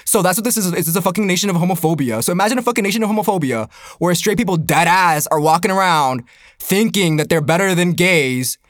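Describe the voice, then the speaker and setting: A young man ranting in a casual comedic way, profane and animated, laughing often, his voice jumping up when he gets worked up. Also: high voice, fast, no room sound, clean studio sound.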